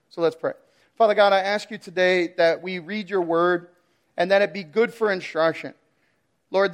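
A man with a fairly high voice delivers a sermon. He laughs often and acts out his pets' voices in playful asides. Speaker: preacher.

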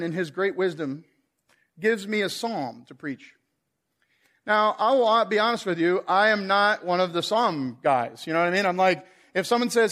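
A man's voice: high-pitched, fairly bright tone. A man giving a casual, self-deprecating sermon in a church, rambling and joking with the congregation. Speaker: guest preacher. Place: church sanctuary.

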